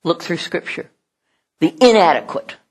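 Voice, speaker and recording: A woman's voice: on the low side, animated, normal speed, a little mellow. A middle-aged woman giving a sermon in a conversational way, laughing often and acting out the voices she quotes. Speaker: pastor.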